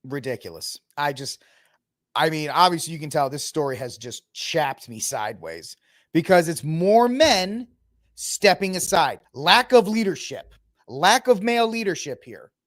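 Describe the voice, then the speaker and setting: A man's voice: a little high, expressive, unhurried, fairly bright tone, dry recording, clean studio sound. A man hosting a podcast, ranting with sarcasm and mocking impressions in a heated political commentary. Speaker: podcast host.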